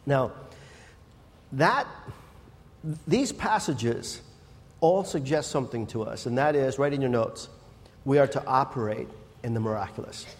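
A man preaching a sermon, telling Bible stories in a lively, conversational way and acting out the people in them. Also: mid-range voice, a little slow, pauses often. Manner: animated storyteller acting out Bible scenes. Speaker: pastor. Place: church. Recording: reverberant church hall.

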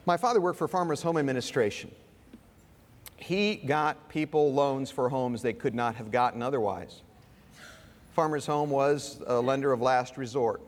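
A middle-aged man preaching a sermon as pastor, telling folksy stories with humor. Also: mid-range voice. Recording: long reverb of a large hall.

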